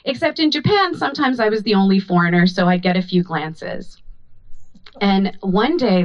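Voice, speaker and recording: A woman's voice: medium pitch, moderate pace, muffled recording. A woman performing a stand-up comedy set on a club stage, telling stories animatedly into a handheld mic. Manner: animated storytelling with many voices.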